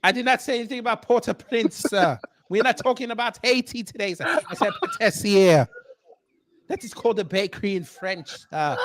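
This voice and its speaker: A man doing a pompous, mock-posh British gentleman in comedic banter, clipping "sir" onto nearly every line. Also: sits high, brisk, dry recording, voice pushed up, close to an everyday voice. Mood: condescending.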